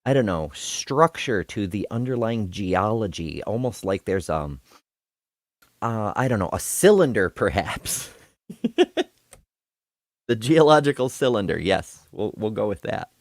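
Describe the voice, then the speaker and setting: Animated chatty host guy from the northeast us, laughs a lot, dry sound. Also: lowish voice, unhurried, dry recording. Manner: chatty, storytelling, laughs often. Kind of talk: casual chat reviewing a debate.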